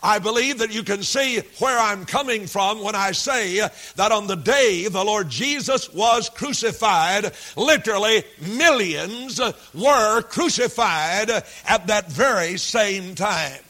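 A male preacher delivers a sermon at a slow, deliberate pace, often pausing on "uh" and repeating his points for emphasis. His voice sits high and bright, and it presses forward with a sharp edge. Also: animated. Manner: slow, deliberate delivery, repeating key phrases and verse references; frequent "uh" fillers between phrases.

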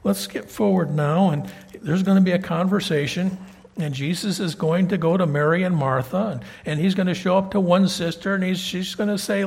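A man preaching a sermon and reading scripture aloud, conversational and emphatic, swinging between loud and soft. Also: high voice, fairly even intonation, normal speed, creaky, slightly rough.

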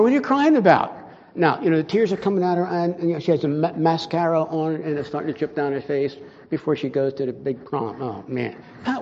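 An older man preaches in a rambling, conversational way, breaking off into asides and restarting his sentences. His voice sits fairly high for a man. The sound is a little dull and carries a long hall reverb. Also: a little mellow. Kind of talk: sermon with personal story.

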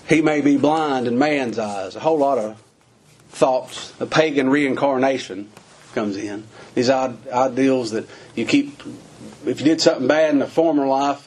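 A man's voice: mid-range voice, a little mellow, breathy edge. A man preaching a sermon in a folksy, questioning way, using plain rural phrasing and asking lots of rhetorical questions.

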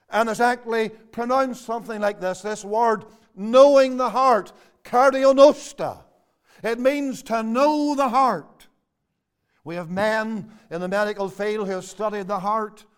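A man's voice: sits high, clear, resonant tone. An older man and pastor preaching a sermon in a church, quoting scripture in old-fashioned English and building to emphatic declarations. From Northern Ireland. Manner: preaching with King James quotations, rising to emphatic declarations.

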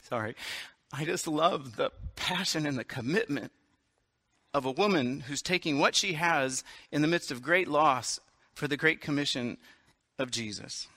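A man's voice: fairly high pitch, a little slow, bright, forceful tone, no echo, studio quality. A man preaching a sermon from the pulpit, reading a story aloud with casual, self-correcting asides. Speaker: pastor.

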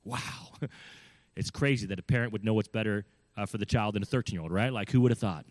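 Man, low voice, dry close sound, earnest storyteller, emphatic, asks the listener questions. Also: quick pace, a little mellow, dry recording. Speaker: speaker giving parenting advice. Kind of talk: storytelling talk.

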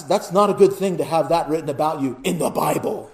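A man preaching a sermon as pastor, building to loud emphatic repetitions, then dropping to quiet pleading, and often asking his listeners "right?". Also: a little high, a little fast, hardly any pauses. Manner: asks the congregation "right?".

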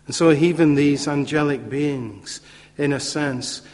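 A man preaching a sermon in a measured, emphatic way, with occasional fillers and repetition for stress. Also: a little high, darkish tone. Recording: long hall reverb.

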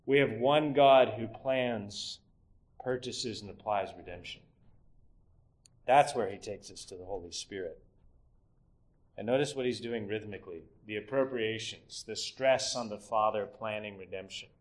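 Here a middle-aged preacher works through an expository sermon a little slowly, rising into forceful rhetorical questions before sinking into a hushed, low teaching voice.

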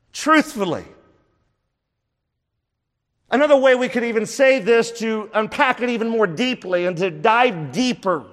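A man's voice: high-pitched, a bit bright, in a large hall. A man preaching a sermon, emphatic and full of rhetorical questions, repeating phrases for stress.

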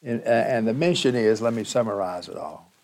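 A man preaching a sermon as pastor, teaching slowly and emphatically with dramatic pauses. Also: fairly low pitch, a little mellow.

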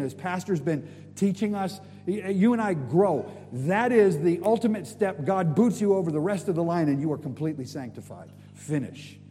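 A male preacher in a church, storytelling with energy and slangy asides. His voice sits a bit high and mellow, ringing with a long hall echo over a faint hum. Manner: animated, storytelling, casual slang. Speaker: guest preacher. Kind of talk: sermon.

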